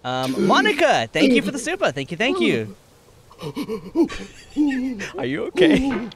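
Giggly, high-pitched young man streaming. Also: wildly swooping pitch, slow, a loud crowd. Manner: playful and giggly, teasing. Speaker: streamer and host. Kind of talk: casual gaming stream chat.

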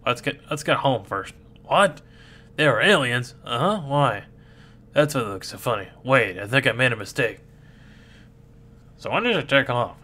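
A man's voice: medium pitch, lively intonation, normal speed, long pauses, sharp tone. A man reading a comic book aloud, switching voices for each character. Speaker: comic reader. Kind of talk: reading a manga aloud, doing all the voices.

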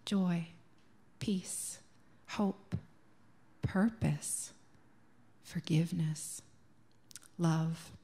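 Slow, soft-spoken Canadian woman preaching. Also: lowish voice. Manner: slow, gentle and reflective, dropping to a soft near-whisper on key words. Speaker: minister. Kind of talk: sermon. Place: church sanctuary.

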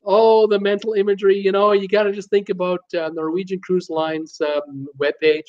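A man's voice: high-pitched, little pitch movement, normal speed, lo-fi sound. A man hosting a live stream, chatting casually, reading viewer comments aloud, joking and often breaking into laughter. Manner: laughs heavily, jokey, rambling with many restarts. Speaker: host of a live cruise Q&A stream.

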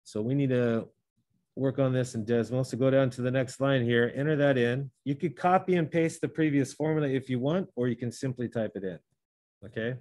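A man's voice: mid-range voice, brisk, a little mellow, no room sound. A man teaching a math lesson, talking through each step and correcting himself as he goes. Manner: talks through steps, self-correcting. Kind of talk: classroom lesson.

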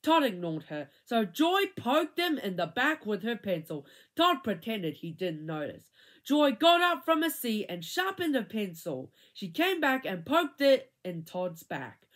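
A woman reading a children's chapter book aloud with animated expression. Her fairly high voice rises and falls widely from line to line. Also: measured pace. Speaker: reader.

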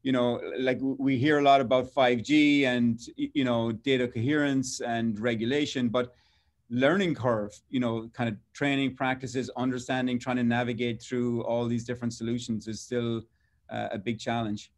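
A man with an Irish accent moderating a panel, reading audience questions in a casual, halting way. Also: medium pitch, flat delivery.

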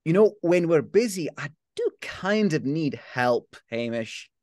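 A man putting on a gruff, big-hearted pub landlady in her late thirties, her voice pushed up higher than his own. She talks brusquely but warmly, in a dry, close sound with no room around it. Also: big pitch swings, measured pace, dry recording. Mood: impatient. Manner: gruff, then softening and tender. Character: tough but caring Glasgow pub landlady, late 30s.

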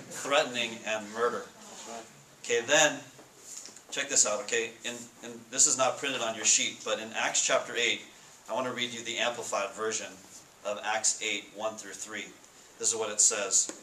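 A man giving a casual sermon to students, asking the room questions and reading scripture slowly. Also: lowish voice, steady tone, bright, forceful tone. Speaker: Bible study speaker. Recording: echoey room with faint noise.

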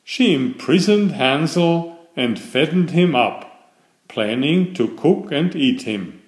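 A man reading a fairytale aloud in slow, expressive, scripted storybook narration. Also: a little high. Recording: echoey room.

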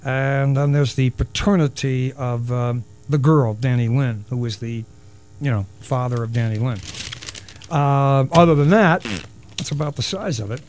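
A man's voice: mid-range voice, a little slow, darkish tone, a little hiss or hum. A middle-aged man hosting a solo radio talk show, rambling and wisecracking with self-mocking asides. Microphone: studio broadcast mic.

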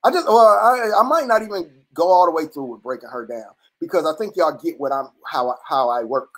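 A livestream host giving blunt, profane, combative commentary that keeps restarting and rises into near-shouts. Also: medium pitch, lively intonation, fairly quick, poor audio. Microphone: computer or phone mic on a live stream.

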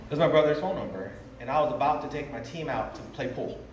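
A man's voice: mid-range voice, fast. A man preaching an emotional revival sermon, earnest and pleading, drawing out his phrases tenderly. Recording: roomy, distant live sermon audio with faint noise.

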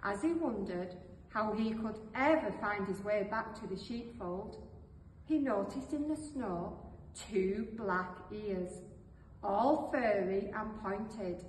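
A woman reading a storybook tale aloud slowly and expressively. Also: mid-range voice, slight background noise. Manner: slow, expressive. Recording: echoey hall, voice from far off.

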